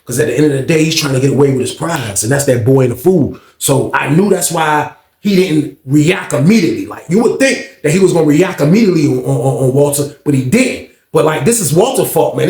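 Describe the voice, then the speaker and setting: Man, high-pitched, animated, profane, laughing storyteller, echoey room. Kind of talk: casual storytelling.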